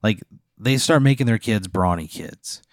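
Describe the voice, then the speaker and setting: A young man, co-host of a comedy podcast, improvising a rambling, profane hypothetical with deadpan teasing. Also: fairly low pitch, unhurried, no room sound, clean studio sound.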